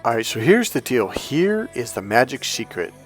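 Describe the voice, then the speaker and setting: A man's voice: medium pitch, moderate pace, faint music behind. A middle-aged man, a life coach, telling a personal story in casual, chatty monologue and acting out the dialogue. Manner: chatty, retells dialogue with lively shifts, swears casually.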